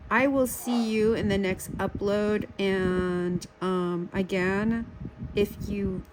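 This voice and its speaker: A woman vlogging while she draws, talking in a casual, self-deprecating way, full of halting restarts and fillers. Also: medium pitch, steady tone. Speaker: art vlogger. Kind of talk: casual rambling commentary while drawing. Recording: audible background noise.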